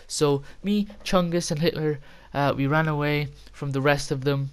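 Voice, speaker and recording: A man's voice: a little high, unhurried, smooth. A young man telling a casual, rambling story with frequent laughter and casual swearing. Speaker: vlogger.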